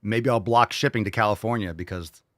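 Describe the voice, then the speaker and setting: A low-pitched man hosting a livestream, ranting with mocking, profane commentary between comments read from chat. His voice sits close and dry on the mic, with no room around it. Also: fairly quick, a bit bright, dry recording. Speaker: host.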